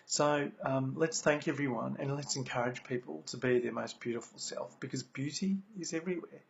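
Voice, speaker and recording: Australian man, motivational speaker, gravelly, earnest and repetitive, muffled lo-fi sound. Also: medium pitch, moderate pace, a little hiss or hum. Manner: earnest, repeats key phrases, many ums. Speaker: speaker sharing recovery lessons. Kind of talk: motivational talk. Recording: dull lo-fi recording.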